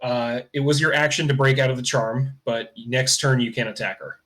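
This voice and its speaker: A man's voice: mid-range voice, steady tone, moderate pace, a bit bright. Casual male game master narrating. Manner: casual, loose narration with fillers like "kinda" and "uh".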